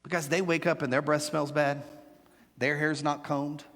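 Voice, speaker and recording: A middle-aged man preaching a sermon as pastor, animated and joking with playful asides to his congregation. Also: fairly high pitch, moderate pace, big-room sound. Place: church sanctuary.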